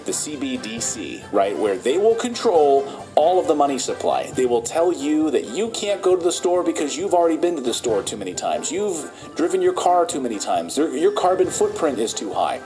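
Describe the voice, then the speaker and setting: A man's voice: on the high side, very animated, normal speed, few pauses, mellow, soft background music, rough recording. A man speaking as a political commentator in an urgent, warning way.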